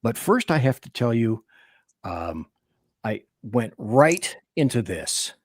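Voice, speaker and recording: A man hosting a talk radio interview, animated and rambling, often cutting himself off and restarting. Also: medium pitch, slow, no room sound, clean studio sound. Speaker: radio show host.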